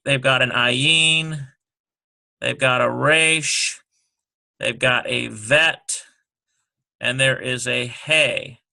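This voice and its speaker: Slow, gravelly man teaching. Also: mid-range voice, sharp tone. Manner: slow and halting, sounding out syllables. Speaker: Hebrew teacher. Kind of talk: screen-recorded lesson walkthrough.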